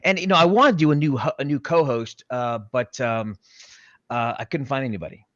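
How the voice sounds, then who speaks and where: A man's voice: mid-range voice, fairly bright tone, no room sound, dull audio. Rambling male podcast co-host, dry sound. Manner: rambling, halting, lots of fillers and jokey asides. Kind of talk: casual chat.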